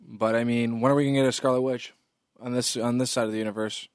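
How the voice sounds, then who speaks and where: A man's voice: mid-range voice, steady tone, fast, clean tone, no echo, clean studio sound. A man in casual chat about a film, blunt and profane, arguing plot points.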